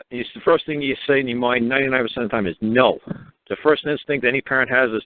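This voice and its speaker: A man's voice: medium pitch, racing, slight background noise. Man telling stories over a tinny phone line. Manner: animated, acts out the people in his stories; swears freely. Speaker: talk show guest speaker. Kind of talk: casual storytelling monologue.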